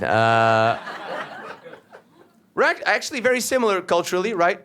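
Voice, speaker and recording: A young man from Portugal, doing a stand-up comedy set on a club stage, telling animated stories with frequent "right?" asides. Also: fairly high pitch, brisk, slight background noise.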